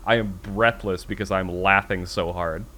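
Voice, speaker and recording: A man co-hosting a podcast in casual chat, quick to laugh. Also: low voice, fairly even intonation. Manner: laughs often, loud bursts of laughter. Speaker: podcast co-host.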